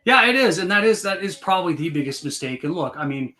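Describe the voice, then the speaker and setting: A man guest on a podcast talks in quick, tumbling bursts with lots of ums and restarts. His voice sits a little above average in pitch. He sounds animated and keeps rambling on. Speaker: podcast guest, real estate investor. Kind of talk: casual storytelling.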